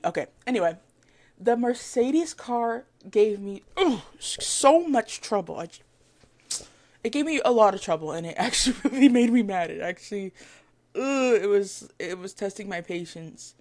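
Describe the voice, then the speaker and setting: A woman vlogger talks casually to her camera, gushing and excitable. She rambles, stumbles over her words and corrects herself often. Her voice sits in an ordinary middle range. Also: medium pitch, moderate pace. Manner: rambling and excitable, with frequent fillers and self-corrections; gushing fan talk with giggles.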